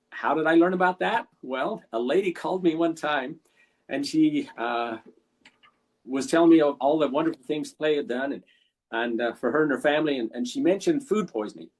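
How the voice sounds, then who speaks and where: An older man with a husky voice telling folksy stories as a podcast guest, acting out the lines of people he talked with. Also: a little high. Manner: folksy anecdotal storyteller, acts out callers' lines. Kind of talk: storytelling in a podcast interview.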